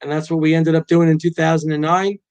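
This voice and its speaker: A man's voice: a little high, fast talker, clear, resonant tone. A middle-aged man, a guest author and pilot, telling stories in a casual interview and acting out quotes. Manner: animated storyteller, acts out quotes.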